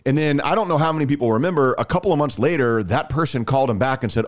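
A man telling a long story in casual chat, animated and full of restarts. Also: mid-range voice, very fast, few pauses.

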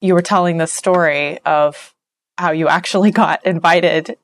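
Low-voiced woman hosting an interview. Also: steady tone, a little slow. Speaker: host. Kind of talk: casual interview.

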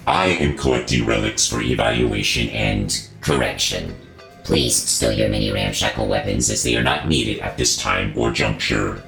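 A man's voice: lively intonation, moderate pace, exaggerated voice. A man voicing a cold alien male entity who collects human relics, speaking in a formal, detached, clinical way. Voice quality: very deep and gravelly. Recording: roomy recording with music behind.

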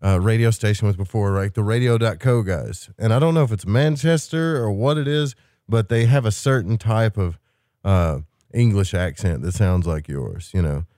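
A man's voice: lowish voice, normal speed, warm tone, dry recording, studio quality. A man hosting a late-night open-lines radio show, telling rambling stories in a loose, casual way. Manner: rambling, loose storytelling with fillers.

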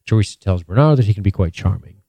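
A man's voice: low-pitched, lively intonation, fast talker, warm tone, no echo. A man co-hosting a podcast, summarizing the plot of a TV episode in a dry, joking way. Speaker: podcast co-host. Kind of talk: casual TV recap chat.

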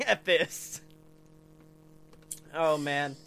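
A man, co-hosting a podcast and telling funny stories in an animated, swearing, laughing way. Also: fairly high pitch, very slow, vocal fry, long pauses. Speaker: podcast co-host. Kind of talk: casual comedic storytelling.

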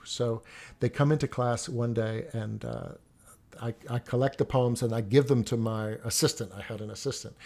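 A man who teaches poetry, telling stories in conversation in an animated way, often repeating words and restarting his sentences. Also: mid-range voice. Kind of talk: storytelling in conversation.

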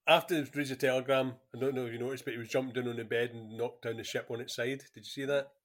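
A man co-hosting a casual film chat, relaxed and sharing trivia. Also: medium pitch, quick pace. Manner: relaxed, shares trivia, laughs often. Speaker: podcast co-host.

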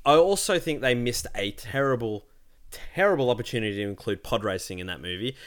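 Animated man in casual chat. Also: mid-range voice, fairly quick, slight background noise. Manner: animated, swears freely, acts out his own excited reactions.

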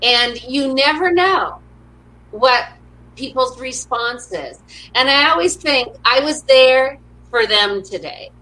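She's a middle-aged motivational speaker with a high, expressive voice that sounds pushed and bright, and she talks slowly. Over poor audio, she chats in a casual interview, sharing positive stories and performing the quoted dialogue.

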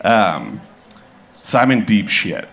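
A man in his thirties from Minnesota tells an animated comic story live on stage, laughing and acting out the quotes. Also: low-pitched, slow, creaky, slightly rough. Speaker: guest storyteller. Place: club stage before a live audience.

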